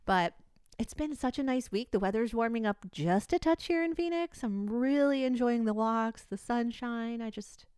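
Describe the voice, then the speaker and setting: Chatty laughing woman podcaster, smooth voice. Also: fairly high pitch, normal speed, a little mellow, no room sound, clean studio sound. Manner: chatty, laughs often, rambling storytelling. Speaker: podcast co-host. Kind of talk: casual chat.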